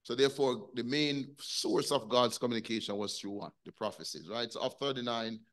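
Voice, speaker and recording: A man's voice: mid-range voice, a little fast, fairly bright tone. A man teaching a Sunday school lesson over a video call, talking conversationally and putting questions to his class.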